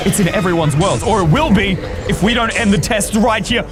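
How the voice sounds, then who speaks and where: Very high-voiced, excitable man gaming. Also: a little fast. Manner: excitable, jumpy, frequent screams and exclamations. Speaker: gaming video creator. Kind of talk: live gameplay commentary. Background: background music.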